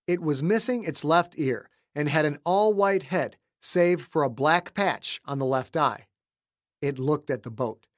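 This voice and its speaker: A male author narrates his own audiobook in a fairly high voice, reading dramatically and shifting between hushed and shouted voices. The recording is dry with a clean studio sound.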